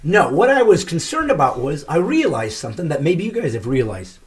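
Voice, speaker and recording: A middle-aged man hosting his comedy podcast, telling stories with emphatic, shouted punchlines. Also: on the high side, big pitch swings, a little fast, few pauses. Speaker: comedian host. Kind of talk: comedic podcast monologue and banter.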